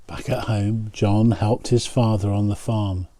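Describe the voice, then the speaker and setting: A man, a pastor, reading a picture book aloud and pausing to point out the pictures. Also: fairly low pitch, level tone, warm tone, no echo.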